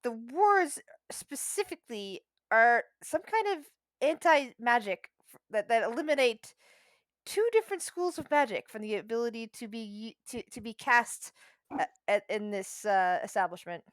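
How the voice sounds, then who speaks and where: A woman's voice: a little high, lively intonation, moderate pace, fairly bright tone, dry recording. A woman narrating as game master of a tabletop game, chatty and often searching for words mid-sentence.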